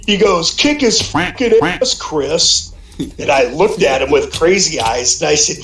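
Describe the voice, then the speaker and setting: A man in his fifties from Minnesota, telling an animated, profane story on a voice call and acting out the quotes. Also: on the high side, normal speed, echoey room. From Minnesota, USA. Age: 50s. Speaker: guest, a friend's dad on a call.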